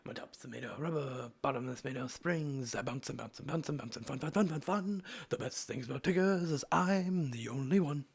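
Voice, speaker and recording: A man voicing a bouncy, boastful cartoon tiger, singing its song in a breathy sing-song voice. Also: medium pitch, moderate pace, hardly any pauses.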